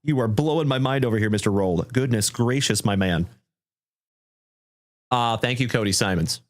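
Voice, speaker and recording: A man hosting a livestream trading card break, thanking viewers effusively and calling out cards with excitement. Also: medium pitch, normal speed. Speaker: live card break host.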